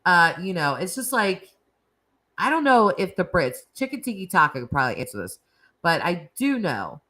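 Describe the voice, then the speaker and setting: Bright-voiced, chatty woman streamer. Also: lowish voice, big pitch swings, normal speed. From United States. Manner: chatty, laughing, reacting to viewer comments. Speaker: livestream host. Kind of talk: casual live chat reading comments.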